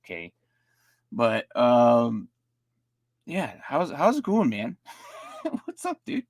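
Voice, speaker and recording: Gravelly man rambling through roster reviews. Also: mid-range voice, wildly swooping pitch, slow pace, darkish tone, no room sound. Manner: rambling, stumbles and repeats words. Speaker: fantasy football streamer. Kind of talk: casual live-stream roster review.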